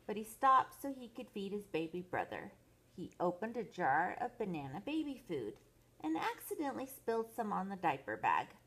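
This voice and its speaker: An older woman, a grandmother, reading a picture book aloud to children in a slow, expressive, sing-song way. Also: medium pitch, breathy edge. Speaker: grandmother storyteller.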